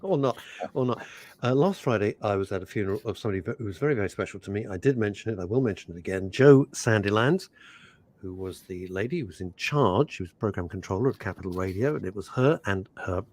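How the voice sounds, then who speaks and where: Animated older radio host. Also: male voice, on the low side, fast, no echo. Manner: animated, rambling, jumps between topics. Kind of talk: casual radio chat. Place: radio studio.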